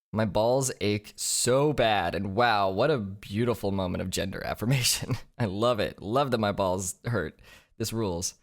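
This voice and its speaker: A tired young man in a hotel room, talking in a crude, joking vlog monologue and laughing often. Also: fairly low pitch. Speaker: vlogger.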